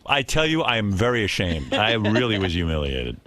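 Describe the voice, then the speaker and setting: A middle-aged man hosting a radio show, telling a self-deprecating, profane story in casual chat with lively quoted voices. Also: lowish voice, fairly quick. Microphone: studio broadcast mic.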